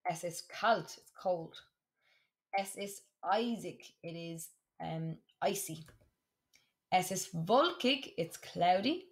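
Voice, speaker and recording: Woman, teacher, slightly low voice, slow careful pronunciation, repeats words for practice. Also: animated. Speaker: German teacher. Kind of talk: classroom lesson for students.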